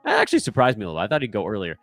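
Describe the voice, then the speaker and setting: A man's voice: on the low side, wildly swooping pitch, rapid-fire, gravelly, a bit bright, dry recording, soft background music. A man in his thirties hosting casual commentary into a microphone, offhand and self-deprecating. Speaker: host.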